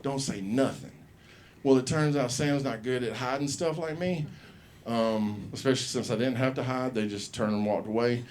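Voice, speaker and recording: At an open mic on a comedy club stage, a male stand-up comic tells a profane story, acting out the people he quotes. His mid-range voice has a darkish tone at a moderate pace, with slight background noise.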